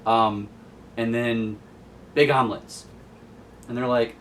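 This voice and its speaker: A man's voice: mid-range voice, steady tone, takes it slowly, long pauses, far from the mic, slight background noise. Chatty man recapping a comic. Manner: chatty, amused storytelling. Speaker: host. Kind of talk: casual comic book recap.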